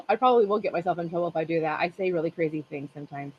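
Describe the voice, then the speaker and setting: A woman's voice: on the low side, lively intonation, rapid-fire, highs cut off, a little hiss or hum. A woman in her fifties hosting a craft channel, chatting casually with her livestream viewers in a rambling way and laughing often.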